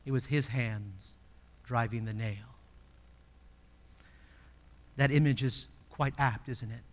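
A male pastor preaching a sermon, emphatic, swinging between loud exclamations and hushed, slowed asides. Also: mid-range voice, in a large hall.

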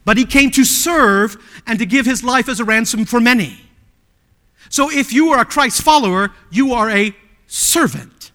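A male pastor preaching a sermon emphatically, with many rhetorical questions, swinging from loud appeals to hushed tones. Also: very high-pitched, long reverb tail.

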